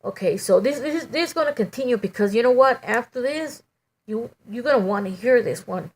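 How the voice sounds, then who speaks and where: A middle-aged woman giving a halting, emotional personal testimony, full of "you know" and restarts. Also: a little high, lively intonation.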